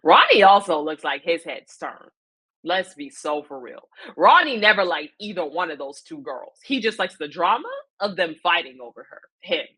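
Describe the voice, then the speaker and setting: A woman in a chatty vlog, speaking in a slightly low voice. She is opinionated and emphatic, hammering her points home with repetition, slang and plenty of fillers. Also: big pitch swings, normal speed, sharp tone, husky. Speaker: vlogger recapping a reality show. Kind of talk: casual chat.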